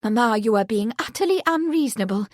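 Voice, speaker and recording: A woman reading an audiobook, voicing an earnest, outspoken young sister who talks quickly and urgently. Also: on the high side, expressive, dry recording, clean studio sound.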